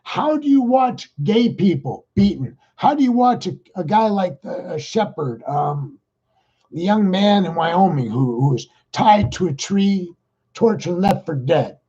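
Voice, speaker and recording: A man's voice: high voice, lively intonation, dark tone, husky, lo-fi sound. Rambling exasperated podcast host man. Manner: rambling, exasperated, talks fast. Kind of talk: casual political monologue.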